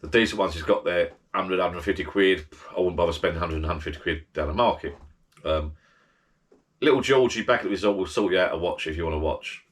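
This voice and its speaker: In a low voice that moves a little fast, a man dishes out holiday tips as a travel vlogger. The chat is casual and meandering, with frequent asides and false starts.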